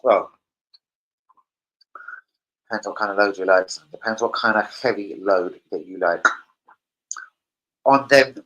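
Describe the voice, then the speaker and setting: A man's voice: low voice, fairly even intonation, normal speed, long pauses, bright, forceful tone, muffled recording. A man hosting a casual fan live stream, crude and rowdy, joking with his chat. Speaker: fan channel host. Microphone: streaming setup.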